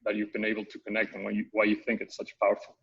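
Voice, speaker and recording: Host, man, low and flat delivery, hesitant repeats, dull lo-fi sound. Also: very fast, vocal fry, breathy edge. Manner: hesitant, many repeats, passes questions to guests. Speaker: panel host. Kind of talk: casual panel talk.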